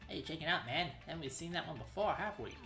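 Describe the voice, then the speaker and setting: A woman's voice: deep voice, quick pace, creaky, fairly bright tone. Joking woman streamer, echoey room. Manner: jokey, laughs at her own bits. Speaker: streamer playing a video game. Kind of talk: casual gaming commentary. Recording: echoey room with game music.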